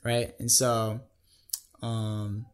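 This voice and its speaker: A man's voice: lowish voice, completely flat delivery, very slow, clean tone. A man in his twenties, a guest on a podcast, telling a story in a casual, chatty way and often checking in with "right?". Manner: chatty, keeps adding "right?".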